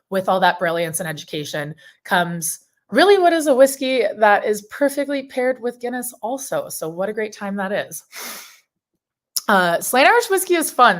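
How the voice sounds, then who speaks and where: A woman giving a live seminar presentation as a brand ambassador, talking enthusiastically and casually with frequent ums. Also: mid-range voice.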